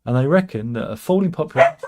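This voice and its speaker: A man's voice: mid-range voice, animated, fast talker, heavy background noise. A man hosting casual satirical commentary on news stories, wry and rambling, with asides and restarts. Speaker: host of a satirical news channel.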